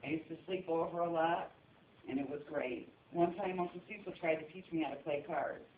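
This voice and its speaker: A woman's voice: deep voice, brisk, a little hiss or hum. Woman reading a eulogy in an echoey room. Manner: steady storytelling, breaking into laughs. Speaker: eulogy speaker. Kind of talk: funeral eulogy read from notes. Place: funeral service room. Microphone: phone recording from the audience. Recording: echoey room, distant dull phone audio.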